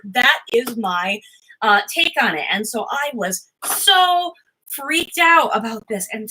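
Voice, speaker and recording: Rambling woman with a bright voice. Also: on the high side, animated, unhurried, breathy edge, rough recording. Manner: rambling, restarts often, dramatizes her own panic. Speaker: tarot vlogger. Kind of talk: casual chat to camera. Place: home desk.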